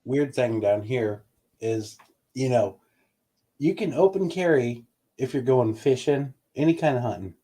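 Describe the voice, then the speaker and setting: A man with a husky, dark low voice who chats casually and throws in quick jokes. His pitch moves about freely as he talks. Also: expressive. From United States. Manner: joking interjections, laughs along. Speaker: co-host. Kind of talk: casual chat.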